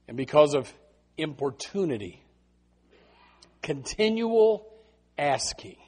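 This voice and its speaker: A male pastor preaching in a lively, storytelling way, with a voice that sits high for a man. He keeps repeating words as he goes and swings between quiet asides and loud bursts. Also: unhurried. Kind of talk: sermon.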